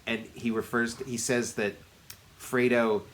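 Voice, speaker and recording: A man co-hosting a podcast, chatting about a film, laughing often and breaking into loud mocking impressions. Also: medium pitch, little pitch movement, unhurried, slight background noise. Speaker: podcast co-host. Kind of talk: casual film review chat.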